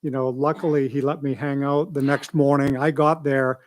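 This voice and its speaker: A man's voice: medium pitch, flat delivery, normal speed. A man giving a rambling, conversational report at a school board meeting as a school administrator. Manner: rambling, conversational, many asides.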